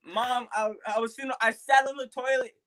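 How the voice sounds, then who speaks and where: A man's voice: extremely high pitch, steady tone, brisk, fairly bright tone. Stammering young guy defending himself. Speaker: son of the host. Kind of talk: casual family chat.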